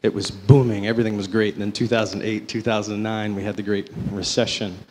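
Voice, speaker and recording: A man sharing his faith testimony before an audience, telling it as a story that swings between slow, emphatic phrases and quicker runs. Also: on the low side, little pitch movement, long reverb tail, slight background noise. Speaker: company vice president giving a testimony.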